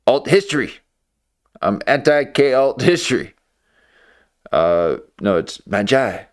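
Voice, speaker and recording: A man's voice: medium pitch, very animated, slow pace. A man hosting a live watch-party stream, joking and rambling through reaction commentary with lots of filler words. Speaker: livestream watch-party host.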